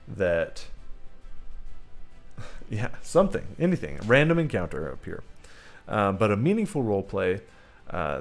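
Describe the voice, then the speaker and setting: Man, game-master advice host, animated swings in pitch, emphatic, rambling, faint music behind. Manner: emphatic, rambling, speaks straight to viewers. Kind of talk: livestream tabletop game advice.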